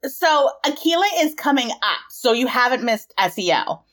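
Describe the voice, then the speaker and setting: A young woman co-hosting a podcast in casual chat, animated and playful, laughing often. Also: on the high side, moderate pace. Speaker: podcast co-host.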